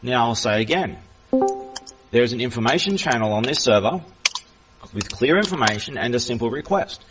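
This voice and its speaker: A man's voice: medium pitch, animated, moderate pace, pauses often, loud music behind the voice. A man with an Australian accent in a heated voice-chat argument, coolly mocking and repeating his challenges over and over. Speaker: self-described group founder.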